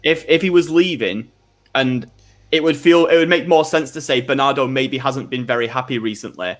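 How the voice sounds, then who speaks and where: A man chats about football on a live fan stream, his pitch sitting in a middle range. He rambles, restarts his sentences and fills the gaps with fillers. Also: moderate pace.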